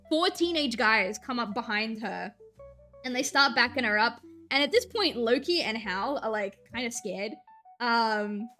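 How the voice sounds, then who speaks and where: A woman's voice: fairly high pitch, bright, forceful tone. A woman in her twenties, a streamer, casually telling a story while drawing, laughing often and slipping into quoted voices.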